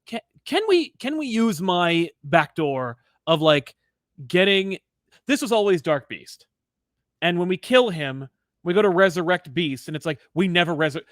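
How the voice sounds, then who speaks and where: A man co-hosts a casual comic-book chat, reading out viewer messages and breaking into quick acted-out lines. His voice sits a little high for a man and is recorded dry and close in a small studio. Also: no room sound. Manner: animated, acts out characters in quick asides, many restarts. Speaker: co-host reading viewer super chats. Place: rented studio.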